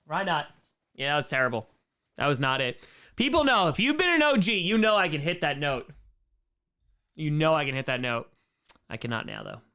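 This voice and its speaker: A man with a strained, hoarse voice, reading viewer questions aloud and joking at his own expense in a casual livestream Q&A. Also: a little high, moderate pace, pauses often. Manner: animated, reads chat aloud, self-mocking jokes. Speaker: streamer answering viewer questions.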